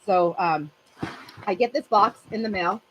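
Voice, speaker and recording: A woman's voice: medium pitch, measured pace, noisy background. A woman in her fifties hosting a craft channel, chatting casually with her livestream viewers in a rambling way and laughing often.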